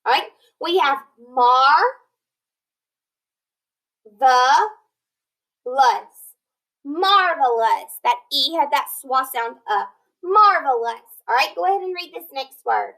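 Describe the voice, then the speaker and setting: A woman teaching a phonics lesson, sounding out word parts slowly and deliberately, praising and checking in with her students. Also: sits high, animated, fairly bright tone, low-quality recording. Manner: encouraging, checks in with "okay?". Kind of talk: recorded online lesson.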